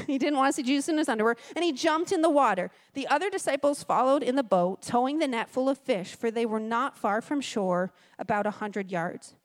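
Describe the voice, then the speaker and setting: A woman's voice: sits high, normal speed. Chatty woman preaching a sermon. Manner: chatty, with joking asides while reading scripture. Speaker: guest speaker at a church service. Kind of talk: conversational sermon with scripture reading. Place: church service.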